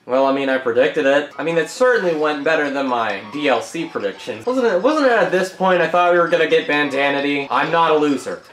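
A young man talks through a fighting game in a quick, joking way, swearing freely and bursting into yells when things go wrong. His voice sits a little high and swings widely in pitch. The room around him rings with a roomy echo, and game music plays faintly behind him. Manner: excitable, profane, jokey, yells at the game. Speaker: gaming YouTuber. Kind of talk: gameplay commentary.

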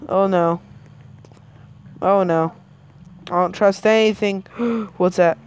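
A woman playing a scary maze game, gasping and yelling at the characters on screen. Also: mid-range voice, fairly even intonation, slow pace, smooth. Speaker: gamer. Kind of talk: game commentary.

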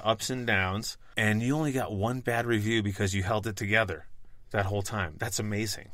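A man's voice: fairly low pitch, fairly even intonation, normal speed, fairly bright tone, no echo, clean studio sound. A man hosting a podcast, chatting casually with crude jokes and wisecracks. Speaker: podcast host.

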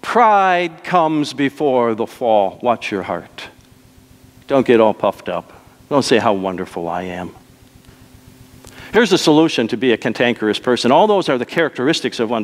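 A man's voice: mid-range voice, animated, normal speed. A male pastor delivering an emphatic sermon, repeating key phrases and slipping into acted quotes. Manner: emphatic preaching with dramatic acted quotes and repetitions. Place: church sanctuary. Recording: long church hall reverb.

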